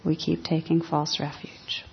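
A woman meditation teacher giving a dharma talk in a calm, reflective, unhurried way. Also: sits low, vocal fry, slight background noise. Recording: dull lo-fi talk recording.

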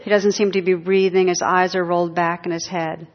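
Woman meditation teacher, lowish voice, reflective, pausing, self-amused humor; muffled lo-fi recording. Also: flat delivery. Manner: reflective, pausing, laughs at her own jokes. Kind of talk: dharma talk. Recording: dull lo-fi talk recording.

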